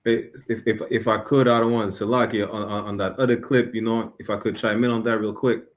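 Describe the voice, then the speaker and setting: A man chatting casually among street preachers, halting and stammering before each point. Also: on the low side, little pitch movement.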